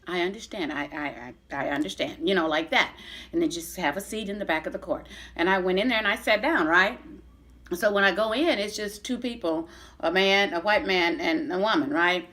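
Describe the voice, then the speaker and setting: A middle-aged woman vlogger tells her viewers a long personal story straight to camera, blunt and chatty, cursing freely and often restarting her sentences. Her voice is lowish and fairly bright, at a normal speed.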